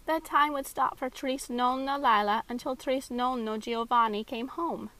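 A woman's voice: high-pitched, unhurried, sharp tone, poor audio. A woman voicing a patient young girl who explains things to younger kids.

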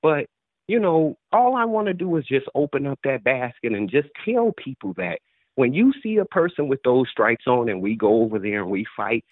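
A man in his forties on a tinny, dry phone line, talking haltingly and stumbling over his words. His pitch swings widely as he tries to hold back emotion. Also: expressive, no echo. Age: 40s. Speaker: caller. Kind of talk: emotional phone call to a show.

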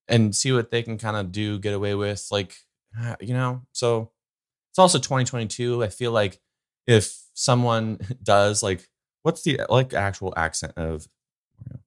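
A man's voice: lowish voice, normal speed, clear, resonant tone. A young man hosting a casual solo podcast, rambling and opinionated, with lots of fillers. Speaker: podcast host.

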